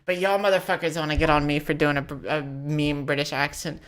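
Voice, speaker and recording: Woman, low voice, podcast co-host, casual, profane, joking. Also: fairly even intonation, a little fast. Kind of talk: casual chat.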